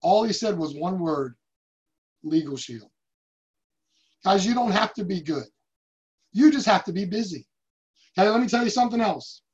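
A man's voice: sits high, animated, normal speed, pauses often, a little mellow. A man leading a sales team, giving an emphatic motivational talk and telling stories with acted-out quotes. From United States. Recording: dull lo-fi recording.

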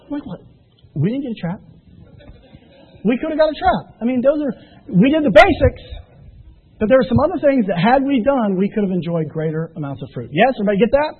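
A man's voice: very high-pitched, sing-song, fast, breathy edge. A man giving a motivational business training talk, telling stories with emphatic rising peaks. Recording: tinny phone-like sound.

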